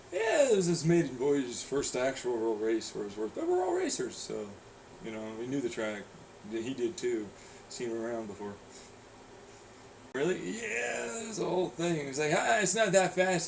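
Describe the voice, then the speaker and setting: Young man, gravelly voice, casual racing stories, swearing, laughing, faint background noise. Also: mid-range voice. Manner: animated, swearing, laughing often, quoting people in mock voices. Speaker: racer. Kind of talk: casual chat, storytelling.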